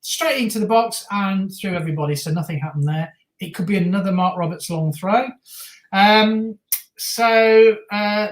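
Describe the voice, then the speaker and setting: A man with a Birmingham accent co-hosting a casual football watch-along stream, chatting and reading viewer messages aloud. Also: high-pitched. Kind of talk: casual live-stream chat. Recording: roomy echo.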